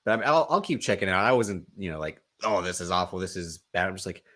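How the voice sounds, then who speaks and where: A man co-hosting a podcast, chatting casually about a TV show, peppering his talk with "like" and "um" and quick laughs. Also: sits low, expressive, bright, forceful tone. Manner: laughs often, fills with um and like. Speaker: podcast co-host. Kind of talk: casual chat.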